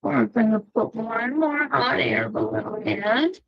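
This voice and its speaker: Brief: middle-aged woman quilting host, slightly high voice, slow and friendly chatter, muffled stream sound. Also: huge pitch swings, creaky, slight background noise. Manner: chatty, laughs, talks to viewers. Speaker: quilting instructor. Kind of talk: live-streamed quilting demo.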